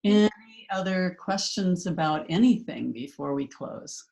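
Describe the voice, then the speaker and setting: A woman teaching a hypnotherapy class over a video call, talking fast and casually with many fillers and restarts. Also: lowish voice, lively intonation, vocal fry, darkish tone, a little hiss or hum. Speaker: hypnotherapy instructor. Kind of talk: casual online class talk.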